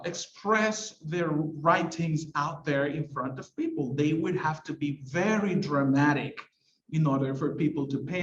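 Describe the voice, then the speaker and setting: A man teaching a literature lesson, explaining things step by step and sometimes reading verse slowly with heavy stresses. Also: on the high side, echoey room, lo-fi sound, slight background noise.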